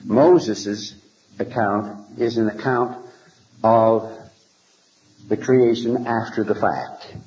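Man lecturing a class on scripture, mellow, asks his listeners rhetorical questions, faint tape hiss. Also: medium pitch, dull audio. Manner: halting, repeats words while thinking. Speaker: religious lecturer.

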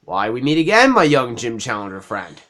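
A man voicing a pompous male video-game villain with a put-on British accent and a lower, deliberate tone. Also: very animated, fairly bright tone. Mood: smug. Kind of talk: reading game dialogue in voices.

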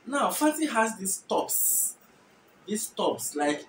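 A Ghanaian-accented speaker whose first language is Efutu hosts a casual explainer, thinking aloud and often correcting themself mid-sentence. The voice sits at a middling pitch and sounds set back from the mic in a roomy, echoing space with a faint hiss behind. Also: animated, takes it slowly. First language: Efutu (Guan). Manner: thinks aloud, self-correcting, hedging asides. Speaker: host explaining language differences. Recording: echoey room, distant mic, faint noise.

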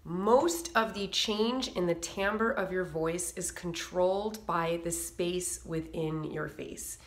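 A woman vocal coach teaches a singing lesson to camera, describing technique and slipping into brief sung and nasal demonstrations. Her voice sits low and moves slowly, with noticeable reverb.

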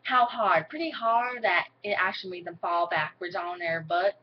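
This young woman's lowish voice moves at normal speed as she rambles and giggles through a casual to-camera chat at home, filling it with "like". She's a vlogger, and the sound is lo-fi with slight background noise.

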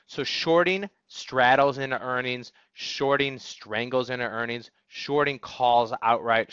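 Bright-toned man lecturing in a webinar. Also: medium pitch, no room sound, highs cut off. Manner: energetic, emphatic, keeps asking "okay?". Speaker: trading instructor. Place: office.

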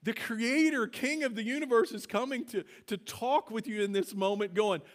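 A man with a notably high voice preaches to his church congregation. He talks in an earnest, conversational way, stumbling over repeated words and calling on the people to say phrases back to him. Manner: earnest, halting, leads congregation call-and-response. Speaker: pastor. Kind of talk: conversational sermon. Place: church sanctuary.

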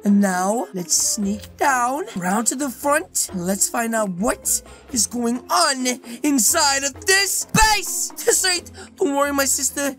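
High-voiced playful woman gaming host. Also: lively intonation, a little slow, a bit bright, soft background music. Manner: chatty and silly, addresses viewers. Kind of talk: playful game role-play commentary.

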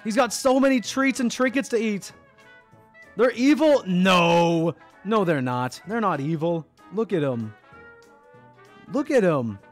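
A young male streamer with a high voice that swoops all over as he talks. He chats casually with his viewers, bursting into excited squeals and then dropping to mumbles. Faint music plays behind him. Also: a little slow. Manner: excitable, animated, swings between loud squeals and mumbles. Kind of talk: casual livestream commentary.

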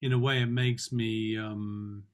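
A man being coached in a consultation, speaking in a halting, reflective way with many fillers and restarts. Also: fairly low pitch, level tone. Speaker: client in consultation. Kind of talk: reflective conversation.

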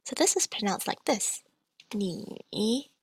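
A woman teaching a beginner language lesson, modelling the sounds slowly and carefully. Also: mid-range voice, expressive, a bit bright, no echo, rough recording. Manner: clear, careful modelling of tones, slow repetitions.

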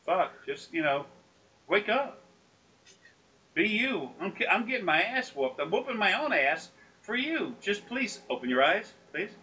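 A man with a bright, forceful voice pitched a little high rambles through casual chat as a spiritual consultant. He swears freely and slips into preachy pleading. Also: sing-song, measured pace, poor audio.

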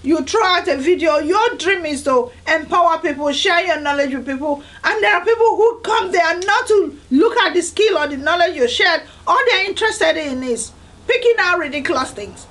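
A woman from Nigeria speaks with a high voice. She hosts a devotional video series in an earnest, emphatic way. She leans on repeated phrases for stress. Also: animated, normal speed, a bit bright, low-quality recording. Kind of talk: motivational devotional talk.

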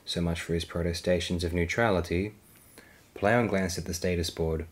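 A man reading a science fiction novel aloud in a steady, measured narration. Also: deep voice, low-quality recording. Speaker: audiobook reader. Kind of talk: fan audiobook narration.

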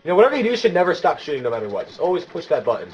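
A man playing a video game and commenting excitedly, often exclaiming and shouting at the screen. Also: a little high, rapid-fire, lo-fi sound, over music. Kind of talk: excited let's-play commentary.

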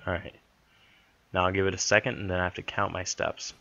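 A man's voice: low-pitched, flat delivery, a little fast, gravelly, sharp tone, dull audio. A man giving jumpy, nervous commentary while playing a horror game, talking to himself. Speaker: let's play host.

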